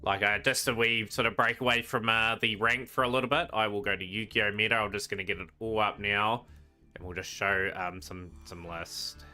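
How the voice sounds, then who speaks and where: A man casually commenting while he streams a card game, rambling and trailing off into quiet asides. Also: lowish voice, fairly even intonation, moderate pace. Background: game music.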